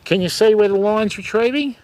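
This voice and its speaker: A man's voice: sits high, brisk, darkish tone, no room sound. Chatty Australian man fishing live. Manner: chatty, answers viewers by name, calls them mate. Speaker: fishing livestream host. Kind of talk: casual livestream chat while fishing. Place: outdoors by the water.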